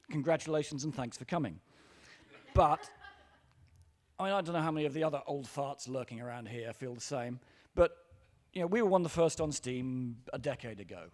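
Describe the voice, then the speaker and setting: An older British man ranting bluntly and profanely on a conference panel stage. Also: fairly high pitch.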